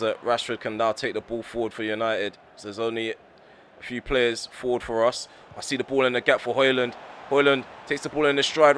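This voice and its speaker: A man commentating on his own football video game, quick to rant at the referee. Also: lowish voice, a little hiss or hum. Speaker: gaming YouTuber. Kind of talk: live gameplay commentary.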